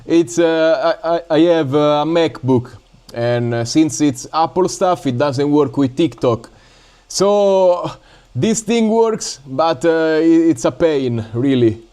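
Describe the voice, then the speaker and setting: A man with an Italian accent talks casually on a drone-building livestream, stopping and restarting with fillers. His voice sits fairly high for a man but sounds dark and mellow. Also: lively intonation, smooth. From Italy. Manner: halting, with many fillers and laughs. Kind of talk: casual live-stream chat.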